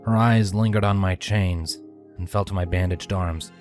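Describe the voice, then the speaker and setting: A man reads a fanfiction story aloud in a very low voice, with measured first-person narration. He drops to a hush for his character's lines. Faint music plays beneath him. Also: fairly even intonation. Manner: measured first-person narration, dropping to hushed whispers for dialogue. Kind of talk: fanfiction audiobook reading.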